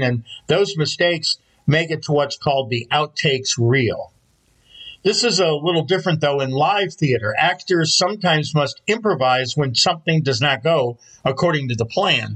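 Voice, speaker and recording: A man delivers a Sunday sermon from the pulpit, a pastor telling stories at an unhurried pace. His voice sits a little high for a man and carries a soft, husky edge, with a slight distance in places.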